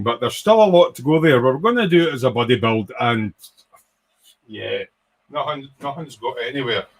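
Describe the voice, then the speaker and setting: A man's voice: mid-range voice, a bit bright. Cheeky man rambling on stream. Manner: rambling and cheeky, swears freely, reads viewer comments aloud. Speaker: live-stream host. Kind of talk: casual live-stream chat.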